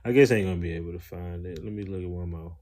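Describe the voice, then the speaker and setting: Guy rambling on his live stream, lots of slang and cussing, kinda low voice. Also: rapid-fire, darkish tone. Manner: rambling, slangy, swears, greets viewers. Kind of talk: casual live stream talk.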